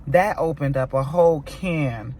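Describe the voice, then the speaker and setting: Animated American woman telling a story. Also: deep voice, measured pace, a little hiss or hum. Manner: animated, emphatic, talks straight to viewers. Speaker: mom vlogger. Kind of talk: storytime vlog.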